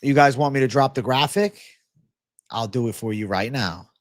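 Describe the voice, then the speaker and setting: A man's voice: mid-range voice, moderate pace, dry recording, clean studio sound. Profane, rambling male stream host. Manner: profane, rambling, flares into ranting. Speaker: livestream host. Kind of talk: live betting-picks stream talk.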